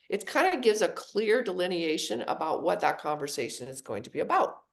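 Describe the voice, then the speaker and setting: A middle-aged woman with a gravelly, fry-tinged voice speaks as a psychologist guest on a podcast. She tells her stories in an animated way. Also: lowish voice, brisk, hardly any pauses. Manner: storytelling, animated voicing of quoted people. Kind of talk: podcast interview.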